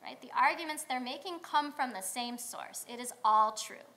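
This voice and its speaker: A woman rabbi delivering a sermon in a synagogue, telling stories in a conversational way with pauses. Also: sits high, pushed and bright. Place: synagogue sanctuary.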